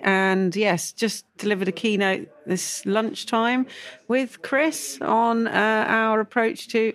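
A woman's voice: medium pitch, fairly bright tone. Easygoing woman podcast guest. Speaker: guest, senior lecturer. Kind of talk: casual podcast interview. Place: quiet corner at the back of a conference.

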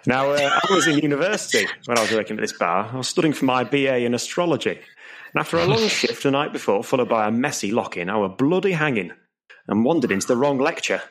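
Lively man telling jokes. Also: medium pitch, quick pace. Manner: lively storytelling with put-on voices for characters. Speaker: comedian and compere. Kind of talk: stand-up comedy routine.

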